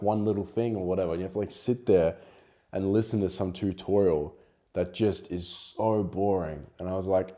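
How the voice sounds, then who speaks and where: A young Australian man talking casually in an interview, rambling with lots of "like" and the odd swear word. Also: lowish voice. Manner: relaxed, rambling, with filler "like" and swearing. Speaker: photographer and YouTuber being interviewed. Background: faint background music.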